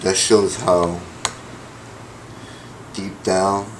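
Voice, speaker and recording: A middle-aged man telling a personal story in a halting way, with many restarts and fillers. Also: low voice, little pitch movement, noisy background. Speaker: vlogger. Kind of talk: rambling personal account.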